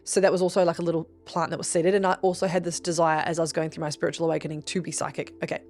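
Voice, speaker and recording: Young aussie woman rambling through a story on her podcast, lowish voice, swears a lot, does all the voices. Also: little pitch movement, racing, a little mellow, soft background music. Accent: Australian. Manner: chatty, swears freely, acts out quoted voices. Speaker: podcast host. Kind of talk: casual storytelling monologue.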